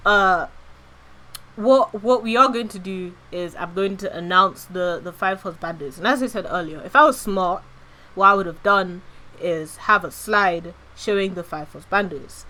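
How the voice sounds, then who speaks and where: Woman, bright voice, giggly rambling livestream chat, casual swearing. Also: medium pitch, unhurried. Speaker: VTuber streamer.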